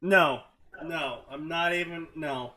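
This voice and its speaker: A man's voice: on the high side, slow, bright, forceful tone. A man hosting a comedic fanfiction reading, chatting casually with laughter and exasperated dismissals. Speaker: fanfiction reading show host.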